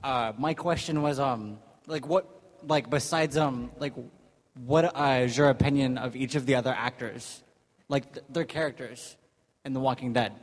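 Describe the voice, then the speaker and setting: Hesitant fan asking a panel question. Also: male voice, mid-range voice, normal speed. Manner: hesitant, full of fillers. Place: large convention hall. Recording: echoey hall, far from mic.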